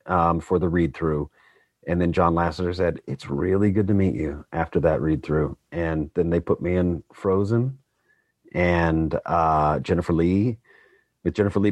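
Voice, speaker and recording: A middle-aged man with a low voice talks loosely about his acting work, rambling and self-deprecating. The sound is dry and close, with no room around it. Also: darkish tone, dry recording. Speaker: voice actor guest. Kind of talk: casual podcast chat.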